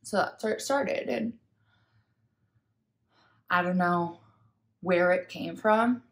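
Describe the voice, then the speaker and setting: A woman's voice: lowish voice, takes it slowly. A young woman vlogger candidly telling her own story, reflective and open, acting out what she told herself and others. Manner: candid, reflective, retells inner talk and dialogue. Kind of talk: personal storytelling vlog.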